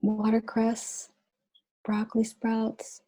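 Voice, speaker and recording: A woman's voice: a little high, monotone, slow pace, mellow, no echo, low-quality recording. A woman presenting a nutrition webinar lecture, talking informally with fillers and restarts.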